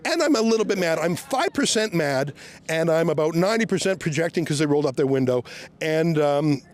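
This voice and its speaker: A man's voice: fairly high pitch, animated, fairly quick. A man reporting outdoors in the street, firing sarcastic, combative questions at police.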